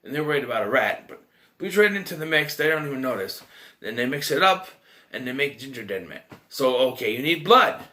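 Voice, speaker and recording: A young man rambles through a casual movie review with incredulous, rhetorical questions and many restarts. His pitch swoops widely as he talks. His tone is bright and keyed up. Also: sing-song, a little fast.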